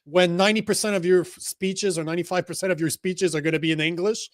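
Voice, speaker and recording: A man whose first language is French talks bluntly and profanely in a casual co-host chat. His voice sits a little high and he gets animated. The recording is dry and close. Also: quick pace, no echo. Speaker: podcast co-host.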